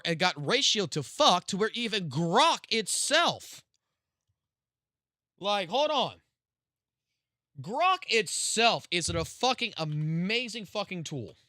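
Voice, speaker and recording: A man's voice: high voice, sharp tone, no echo, studio quality. A man ranting on a live stream, commenting on online drama in a heated, profane, confrontational way.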